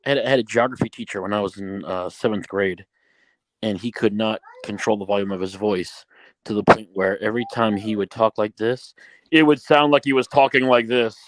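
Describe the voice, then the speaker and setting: A man co-hosting a casual sports podcast, halting and searching for words with ums. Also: on the low side, steady tone, dry recording, low-quality recording.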